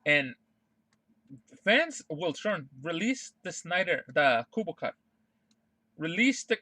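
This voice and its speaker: Bright high-voiced man ranting, heavy swearing. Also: sing-song, takes it slowly, pauses often, no room sound. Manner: profane, emphatic, repeats himself. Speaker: streamer. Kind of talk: casual ranting monologue.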